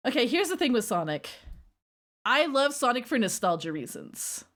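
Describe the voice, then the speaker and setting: A woman's voice: fairly high pitch, sing-song, moderate pace, fairly bright tone. Chatty woman streamer rambling on about whatever, casual livestream talk. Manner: rambling, chatty, reacting to chat.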